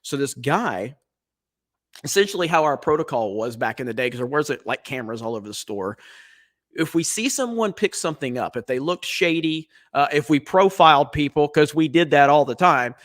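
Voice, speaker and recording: A man's voice: on the high side, expressive, moderate pace, a bit bright. A man in his forties, a podcast co-host, telling rambling, profane stories in casual chat. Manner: profane, rambling storyteller with laughs.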